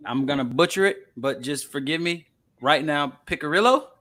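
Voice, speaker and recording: A man hosting a casual interview show, upbeat, laughing often and filling pauses with um. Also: on the high side, pushed and bright. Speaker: podcast host.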